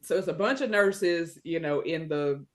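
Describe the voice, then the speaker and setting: A woman's voice: sits low, moderate pace. A middle-aged woman hosting a podcast, telling a family story in casual chat and acting out the voices of the people in it. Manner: animated, acts out quoted voices. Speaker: podcast host.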